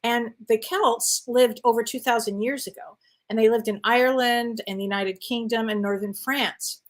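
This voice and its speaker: A middle-aged woman co-hosting a live online chat show, talking easily and laughing often. Her voice sits a little higher than most women's. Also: steady tone, normal speed. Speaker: co-host. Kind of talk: casual live-stream chat.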